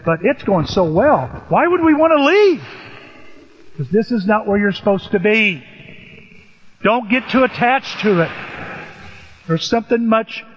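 A male pastor with a Southern Illinois accent preaches in a high, lively voice that swoops as he acts out the people in his story. His tone is a little husky. The sound is a dull, poor-quality recording with long reverb from a large hall. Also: unhurried, pauses often. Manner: animated, acts out Joseph's lines in a raised voice. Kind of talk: sermon.

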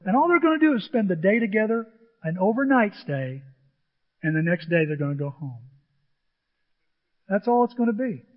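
Animated, lively man telling a funny story. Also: sits high, moderate pace, long pauses. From grew up on a farm. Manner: animated, chatty, repeats himself. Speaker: storyteller speaking to an audience. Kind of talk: humorous storytelling talk. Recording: dull, with long hall reverb.

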